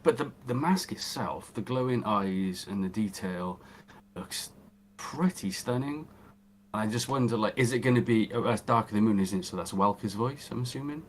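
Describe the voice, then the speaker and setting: A man co-hosting a casual podcast, excitable and jokey, rambling as he reads out news. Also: on the low side, normal speed, a little hiss or hum. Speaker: podcast co-host.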